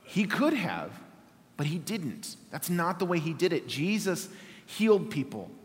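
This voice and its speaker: A male preacher with a fairly high voice reads scripture and drives home his points with rhetorical questions. His voice carries a long reverb, as if spoken in a large hall. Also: very animated, a little slow. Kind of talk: sermon with scripture reading.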